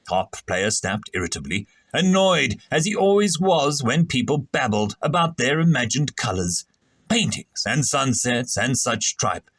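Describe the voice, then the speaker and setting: A man narrating a science fiction story aloud in an expressive, animated reading voice. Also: medium pitch, normal speed, no room sound.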